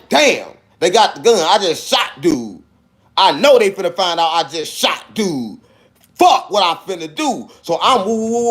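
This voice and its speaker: A man telling a wild personal story in casual speech, acting out the dialogue and punctuating it with sound effects. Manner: animated, acts out dialogue with sound effects like "boom".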